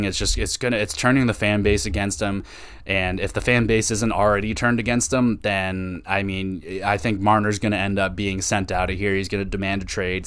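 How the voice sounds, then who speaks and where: A young man rants on his hockey podcast, swearing and mocking in a frustrated tone. His voice sits a little low. He talks in loose, casual bursts. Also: fairly bright tone. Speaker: podcast host. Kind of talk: ranting hockey podcast commentary.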